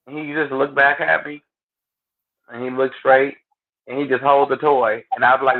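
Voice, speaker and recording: A man's voice: mid-range voice, moderate pace. A man chatting casually as a guest, sharing blunt, anecdotal stories. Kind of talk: casual chat. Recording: tinny phone-like line.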